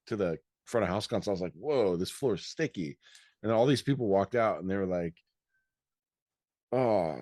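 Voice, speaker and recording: A man's voice: fairly low pitch, no echo, clean studio sound. A man from Michigan, co-host of a podcast, telling a rambling anecdote in casual chat and acting out the quotes.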